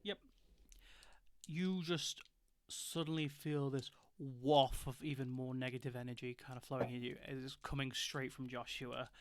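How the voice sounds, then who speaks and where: A game master narrates a tabletop game in an easy, chatty way, laughing often between descriptions. The voice sits at a middle pitch and is recorded close and dry over an online call. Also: steady tone, normal speed, no room sound.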